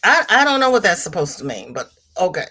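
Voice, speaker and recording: A woman's voice: lowish voice, sing-song, fast talker, sharp tone, slight background noise. A woman hosting a casual livestream from home, reading viewers' comments aloud and answering them in a chatty way. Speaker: livestream host.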